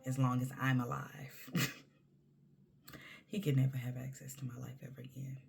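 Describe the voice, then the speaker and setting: A woman's voice: a bass voice, vocal fry, darkish tone, husky. A woman talking candidly to camera in a personal monologue, emphatic and conversational, sometimes dropping to a near-whisper. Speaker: vlogger.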